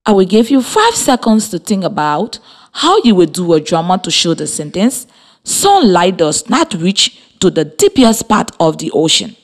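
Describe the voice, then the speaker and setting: A woman with a Liberian English accent, teaching a scripted radio lesson for children and spelling words out slowly letter by letter. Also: fairly low pitch, sing-song.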